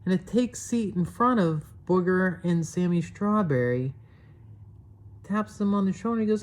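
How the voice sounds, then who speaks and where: A woman narrating a children's story with slow, expressive telling. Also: fairly low pitch.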